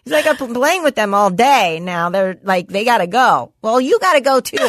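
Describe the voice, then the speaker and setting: A woman co-host telling stories in a relaxed podcast chat. Her voice sits a little high and moves a lot, animated and quick to laugh. The sound is close and dry. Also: no room sound. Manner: animated storytelling, laughs often. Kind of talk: casual chat.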